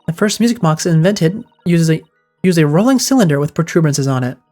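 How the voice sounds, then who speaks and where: A man reading aloud the lines of an eccentric, self-assured gentleman detective in a grandiose, wordy manner, with faint game music behind. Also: fairly high pitch, lively intonation, brisk, natural voice. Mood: lofty.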